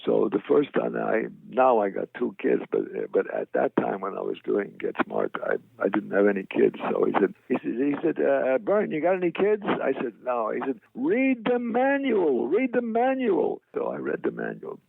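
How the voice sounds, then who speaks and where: An older man, an actor, telling animated stories of his career in an interview, with salty language. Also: fairly low pitch, moderate pace, gravelly, few pauses, breathy edge, no echo. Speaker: actor guest. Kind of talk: storytelling interview. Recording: tinny phone-like line, dry.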